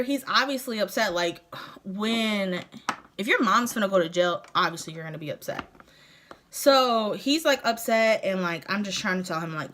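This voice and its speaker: A young woman vlogger telling a story casually while doing her makeup, animated and profane, laughing often. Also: medium pitch.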